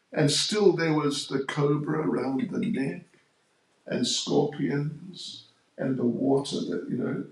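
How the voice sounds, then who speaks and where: A man, a monk, telling a sacred story in a relaxed devotional talk, chatty and full of asides. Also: mid-range voice, vocal fry. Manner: unhurried, chatty, aside-filled. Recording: echoey hall, mic far off.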